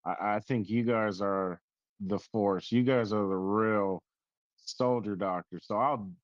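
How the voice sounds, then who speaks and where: A man's voice: fairly low pitch, takes it slowly, no room sound. A man hosting a casual interview, effusive and generous with his thanks and praise. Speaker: show host. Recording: dull, dry lo-fi sound.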